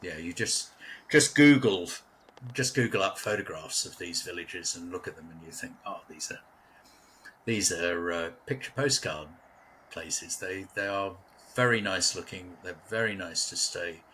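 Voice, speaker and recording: A man's voice: low voice, normal speed, sharp tone, a little hiss or hum. An English man from West London, chatting casually as a local guest and telling stories with frequent laughs. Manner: chatty storyteller, laughs often. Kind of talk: casual conversation.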